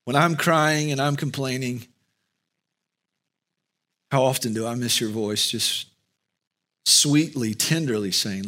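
A male pastor giving an earnest sermon and closing prayer, with slow, emphatic pauses. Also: medium pitch, sharp tone.

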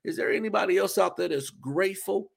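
A man preaching a fervent testimony sermon, with sudden loud bursts of praise between softer reflective stretches. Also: sits high, fairly quick, creaky. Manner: shifts between soft reflection and shouting. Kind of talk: impassioned sermon.

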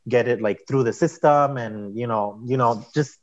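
Interview guest: a man chatting casually, rambling, full of "like"s, mid-pitched, dull muffled recording. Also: moderate pace. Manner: rambling, heavy use of "like". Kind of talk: casual storytelling.

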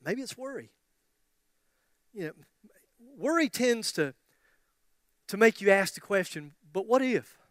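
A man's voice: high voice, big pitch swings, unhurried, long pauses, fairly bright tone, no room sound, clean studio sound. A man in his fifties preaching a sermon with passion, repeating his phrases and dropping joking asides to the congregation. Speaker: pastor.

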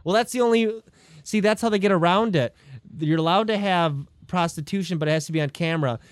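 A young man telling a crude, rambling story in casual comedic chat, tossing in quick quoted voices. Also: sits high, no echo, studio quality.

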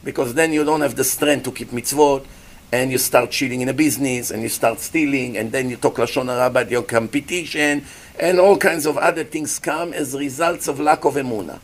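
A man giving a lively sermon as a rabbi, acting out little scenes and asking his listeners questions. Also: medium pitch, fairly quick. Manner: animated preacher, acts out voices, asks the audience questions. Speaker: rabbi giving a Torah class.

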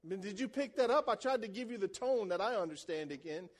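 A man preaching a sermon in church, animated and calling out to the congregation for responses. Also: high voice, quick pace. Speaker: pastor.

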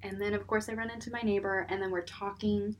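A woman's voice: medium pitch, fast, a little hiss or hum. A young woman, a mother, chatting casually as a podcast co-host and acting out stories about her young son. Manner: animated storytelling, acting out her son and herself. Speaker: podcast co-host, mother of a five-year-old. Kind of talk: casual chat.

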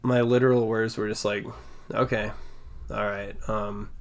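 Young man, casual chat, mostly monotone delivery, frequent laughs. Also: fairly low pitch, measured pace, a loud crowd. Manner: self-described monotone, quiet, laughs often.

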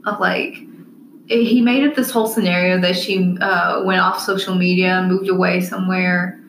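A woman's voice: fairly low pitch, little pitch movement, moderate pace, a little hiss or hum. A young woman co-hosting a podcast, giving blunt opinions in a casual recap chat. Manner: opinionated, chatty. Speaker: podcast co-host. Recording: roomy echo.

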